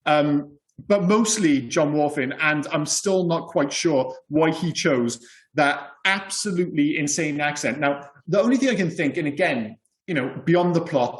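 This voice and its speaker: A man's voice: on the high side, reverberant. A man co-hosting a podcast, talking casually and rambling about a film with lots of "you know" and "yeah". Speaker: podcast co-host.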